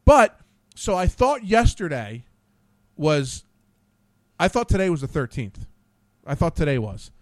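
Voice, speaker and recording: A man's voice: fairly high pitch, big pitch swings, a little slow, long pauses, dry recording. A man hosting a podcast, telling rambling, profane stories and losing his train of thought. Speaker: podcast host. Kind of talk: casual profane storytelling.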